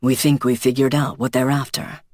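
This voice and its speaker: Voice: mid-range voice, little pitch movement, normal speed, a little mellow, dry recording, studio quality, lightly acted. Narrator voicing a guarded old vampire, Zoltan. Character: ancient male vampire, calm and guarded.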